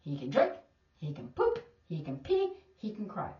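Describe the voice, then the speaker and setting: A woman's voice: mid-range voice, huge pitch swings, moderate pace. A woman teacher, giving emphatic, opinionated casual commentary. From Canada. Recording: distant, echoey, dull lo-fi.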